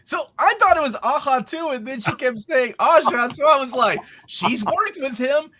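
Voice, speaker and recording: A man hosting a casual panel chat, animated and self-mocking as he stumbles over names. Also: very high voice, brisk, slight background noise. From Kentucky. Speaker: host.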